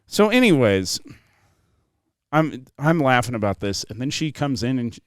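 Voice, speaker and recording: A man's voice: medium pitch, measured pace, clear, resonant tone, dry recording, studio quality. A man hosting a podcast who tells a long story in casual chat, acting out the people in it and swearing a lot. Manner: animated, profane, acts out quoted people. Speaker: podcast host.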